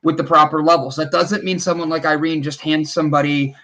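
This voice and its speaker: A middle-aged man talking casually on a podcast, slightly high for a man. He tells stories with lots of energy and drops into voices when he quotes people. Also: brisk, rough recording. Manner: animated storyteller, acts out quotes in voices. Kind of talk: casual chat.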